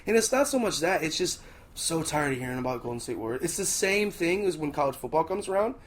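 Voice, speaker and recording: A man's voice: fairly high pitch, very animated, quick pace, a little hiss or hum. A young man co-hosting a casual sports podcast, blunt and opinionated. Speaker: podcast co-host.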